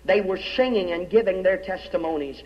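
A man preaching a revival sermon as an evangelist, telling stories dramatically and dropping low and soft on key words. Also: a little fast. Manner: dramatic storytelling, drops low and soft on key words, quotes old-style scripture. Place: large church hall. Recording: dull lo-fi recording with long hall reverb.

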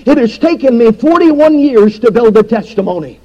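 A middle-aged man preaching with a strikingly high-pitched voice. He presses his points with emphasis, then drops low and quiet when he quotes scripture. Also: lively intonation, moderate pace, highs cut off. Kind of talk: sermon.

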